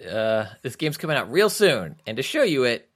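A man's voice: medium pitch, big pitch swings, normal speed. A man co-hosting a video game podcast, chatting casually in a wry, joking way. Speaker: podcast co-host. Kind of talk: casual chat.

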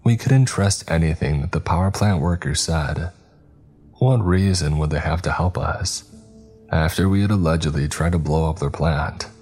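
A man narrating a first-person horror story in a steady, measured scripted reading. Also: very deep voice, husky, soft background music.

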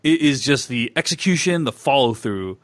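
A man's voice: mid-range voice, lively intonation, normal speed, no room sound. A man hosting a podcast, talking in a thoughtful, hesitant way with many fillers. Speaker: podcast host. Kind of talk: casual chat.

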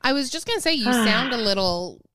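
A woman's voice: on the high side, lively intonation, fairly quick, a bit bright, no room sound. A woman co-hosting a casual chat podcast, chatty and giggly with lots of fillers. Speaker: podcast co-host.

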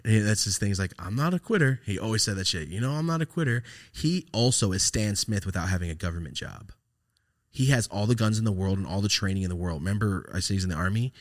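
A man's voice: sits low, fast. A man, casually telling a story as a podcast host, rambling and profane with lots of "like". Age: late 20s.

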